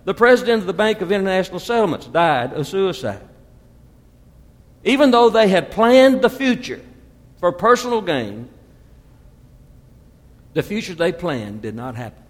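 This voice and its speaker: A man in his fifties preaching a sermon, sweeping from loud emphasis to hushed asides. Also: high-pitched, big-room sound. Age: 50s. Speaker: pastor.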